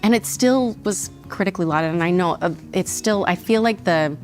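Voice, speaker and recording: A woman's voice: fairly low pitch, moderate pace, soft background music. A middle-aged woman chatting casually as a guest over a meal, talking with many restarts and frequent laughs.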